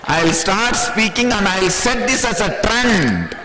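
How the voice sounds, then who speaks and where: A man's voice: high-pitched, very animated, takes it slowly, big-room sound, heavy background noise. A man from India with an Indian accent giving a spiritual discourse, playful and laughing often as he throws out rhetorical questions. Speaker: spiritual teacher.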